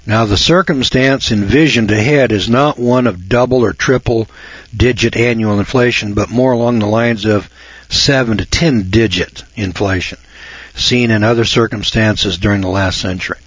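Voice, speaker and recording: A man's voice: fairly low pitch, normal speed, slightly rough, no echo. Folksy older man on lo-fi radio. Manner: folksy, emphatic, repeats himself, mocks callers in a raised voice. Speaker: radio talk show host. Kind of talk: casual radio monologue. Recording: dull lo-fi dry radio sound.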